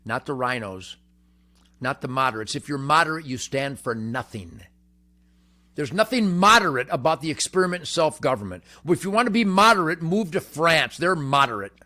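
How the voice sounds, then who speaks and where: An older man hosting a rambling, boastful monologue, brash and cocky, swinging from booming shouts to low mutters. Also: animated, moderate pace. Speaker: host.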